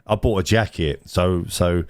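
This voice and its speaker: Guy on a podcast, lowish voice, keeps repeating himself, dry close mic. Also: unhurried, no echo. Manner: rambling, repeats words, laughs at own stories. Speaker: podcast co-host. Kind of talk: casual banter. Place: indoors, recorded live.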